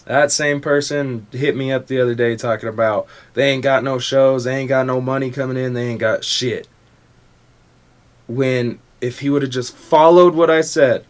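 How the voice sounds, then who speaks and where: A man's voice: mid-range voice, fairly even intonation, moderate pace. A young adult man hosting a casual motivational podcast who talks in a blunt, profane rant. He mocks the people he complains about and keeps up a confrontational edge throughout. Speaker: podcast host.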